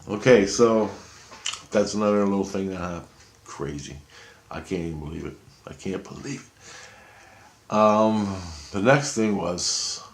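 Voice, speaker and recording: Deep-voiced man rambling in an echoey room. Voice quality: profane, excitable, talks in restarts. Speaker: vlogger. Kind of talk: rambling first-person storytelling.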